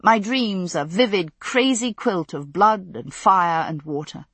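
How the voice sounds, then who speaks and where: An audiobook narrator, a woman with a low, husky voice, reads a novel in a measured, steady manner. The scripted narration is recorded dry and close to the mic, with no echo.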